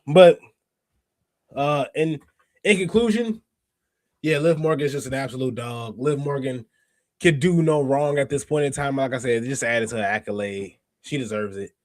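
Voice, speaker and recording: A fairly high-voiced man hosting a podcast, chatting casually about wrestling. He talks in an animated, slangy way, looping through fillers and restarts. The sound is dry and close with no room echo. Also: normal speed. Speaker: podcast host. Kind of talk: casual wrestling recap chat.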